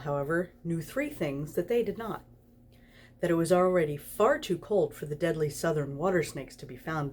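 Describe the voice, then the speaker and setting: A woman's voice: deep voice, darkish tone. A tipsy woman reading a story aloud, giggling through it. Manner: giggly, snorty laughs while reading. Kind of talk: reading fan fiction aloud.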